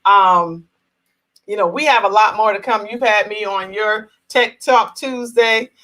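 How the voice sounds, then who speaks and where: A woman from New Jersey hosts a casual live talk show over a video call, chatty and encouraging, affirming people often. Her mid-range voice moves a little slowly with a sharp tone, and the recording quality is low.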